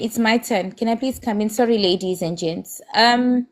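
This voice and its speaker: Speaking with a South African accent, a woman argues heatedly on a live stream, her voice on the high side and her pace moderate. She scolds with passion and mixes Zulu words into her English.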